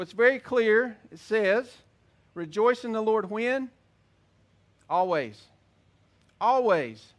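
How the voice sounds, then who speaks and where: A man preaching a sermon as a pastor, earnest, reading scripture slowly and with emphasis. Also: high-pitched, a bit bright.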